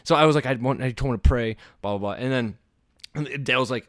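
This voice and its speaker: A man's voice: medium pitch, animated, fast talker, fairly bright tone, no room sound, studio quality. A man hosting a casual comedy podcast, telling a story with frequent laughter and swearing. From Iowa. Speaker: podcast host.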